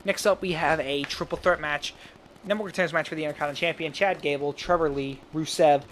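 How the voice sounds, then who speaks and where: Rambling young-sounding man, high voice. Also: fairly even intonation, fairly bright tone, slight background noise. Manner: rambling, laughs at own jokes, quick asides. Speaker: fantasy booking commentator. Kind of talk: casual solo commentary.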